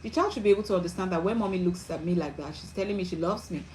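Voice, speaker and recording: A woman's voice: lowish voice, rapid-fire, a little mellow, a little hiss or hum, poor audio. A middle-aged woman, a parenting coach, giving an earnest and emphatic teaching talk and often checking that listeners follow.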